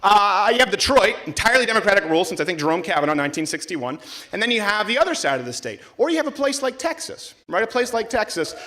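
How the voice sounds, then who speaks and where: A man's voice: high voice, sing-song, fast, sharp tone. A man hosting a live show, riffing to a crowd in a brash, mocking, jokey way. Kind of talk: comedic political stand-up to a crowd. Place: live event before a student audience.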